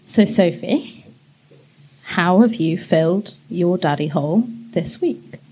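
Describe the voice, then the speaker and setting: Wry, mellow-voiced woman co-host. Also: lowish voice, animated, slow pace, husky, poor audio. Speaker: podcast co-host. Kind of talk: casual chat.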